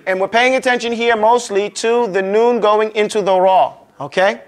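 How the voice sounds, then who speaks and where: A man with a strikingly high voice leads a Quran recitation class. He talks casually, keeps checking that students follow, and demonstrates each sound by drawing it out slowly and repeating it. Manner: drills pronunciation, stretching sounds slowly and repeating them; casual, conversational teaching with frequent check-ins. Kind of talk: classroom lesson.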